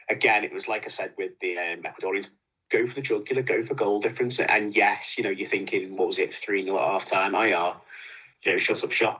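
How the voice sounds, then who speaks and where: A man's voice: on the low side, slightly rough, dull audio. A man giving opinionated, rambling football punditry in casual chat. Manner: opinionated, animated, rambling with restarts.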